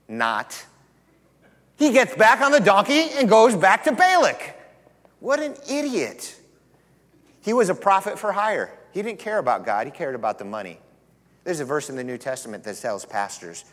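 A male pastor preaching with plenty of jokes, his voice climbing and dropping with lively pitch. He sits a little higher than most men, and a long hall reverb hangs behind him. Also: measured pace, long pauses. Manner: animated, joking storyteller. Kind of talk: sermon.

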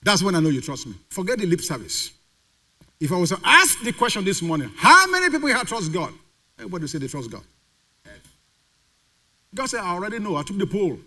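A male pastor preaches in a church sanctuary, his voice pitched high and swinging widely up and down. The tone is bright and forceful as he throws questions out to the congregation and waits for them to answer back. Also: big pitch swings, quick pace, long pauses. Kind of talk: sermon.

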